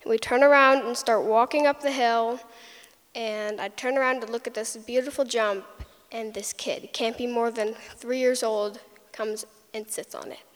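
A woman's voice: fairly high pitch, steady tone, moderate pace. A young woman telling a personal story, retelling it vividly with little sound effects. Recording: long hall reverb.

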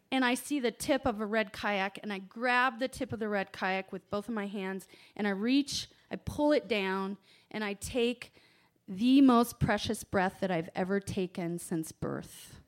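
A woman telling a personal story to an audience, animated, swinging from hushed asides to loud exclamations. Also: medium pitch, measured pace. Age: adult parent.

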